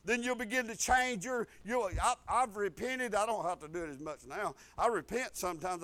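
High-voiced folksy preacher. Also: male voice, normal speed, few pauses. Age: 50s. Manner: folksy, repeats phrases, rising to loud declarations. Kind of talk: sermon.

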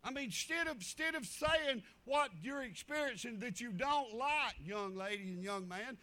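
A man's voice: very high-pitched, lively intonation, moderate pace, bright, forceful tone. A middle-aged man preaching a sermon in a folksy way, repeating himself and acting out stories.

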